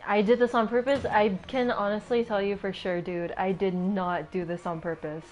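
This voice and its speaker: A woman's voice: mid-range voice, flat delivery, moderate pace, darkish tone, a little hiss or hum. A woman streaming a video game, giving playful, chatty, self-mocking commentary. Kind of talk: casual gameplay commentary. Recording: faint game music behind.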